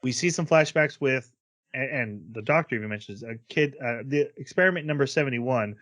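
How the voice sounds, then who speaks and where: A man's voice: mid-range voice, fairly bright tone, no echo. A man co-hosting a casual podcast, rambling through an anime episode recap and briefly acting out the characters' lines. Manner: rambling recap with quick acted-out character quotes. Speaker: podcast co-host.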